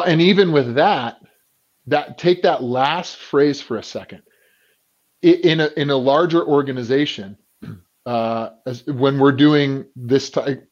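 A man talking as a business coach in a casual podcast conversation, acting out the people he quotes and often clearing his throat. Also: medium pitch, lo-fi sound. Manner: animated storyteller who acts out quoted people.

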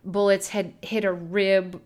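A woman's voice: medium pitch, little pitch movement, slow, a little mellow. A young adult woman co-hosting a faith podcast, telling a personal story in an earnest, reflective way. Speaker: podcast co-host.

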